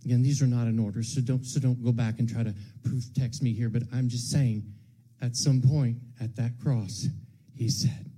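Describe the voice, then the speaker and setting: A man preaching an Easter sermon to his congregation, moving from hushed tones to shouts and repeating his words for emphasis. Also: medium pitch, fairly even intonation, normal speed, few pauses. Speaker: pastor. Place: church sanctuary with congregation.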